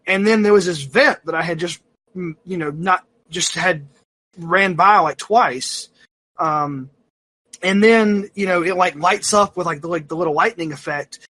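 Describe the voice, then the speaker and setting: A man with a fairly high voice on a casual gaming podcast chat. His tone is bright and forward, and he rambles through fillers and restarts. He tells animated, self-mocking stories. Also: a little slow. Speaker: podcast co-host.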